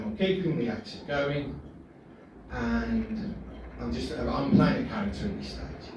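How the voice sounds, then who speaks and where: A man doing a rambling, sweary, self-mocking stand-up set in a small pub comedy room. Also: on the high side. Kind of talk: work-in-progress stand-up set. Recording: echoey room, distant mic, noisy.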